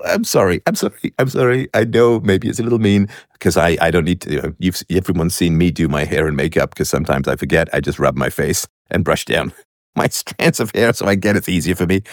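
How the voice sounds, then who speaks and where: A man's voice: low-pitched, no room sound, clean studio sound. A man casually commenting on online videos, musing aloud with frequent fillers.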